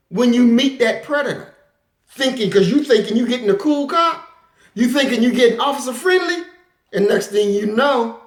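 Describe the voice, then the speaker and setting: Forceful high-voiced woman lecturing. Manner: forceful, animated, breaks into acted quotes. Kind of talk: impassioned lecture. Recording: roomy echo.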